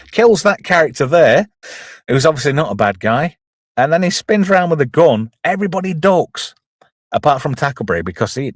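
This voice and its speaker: A man's voice: on the high side, no room sound, clean studio sound. A man chattily retelling a comedy film scene by scene, with self-deprecating asides. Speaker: film reviewer, channel host. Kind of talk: casual film recap.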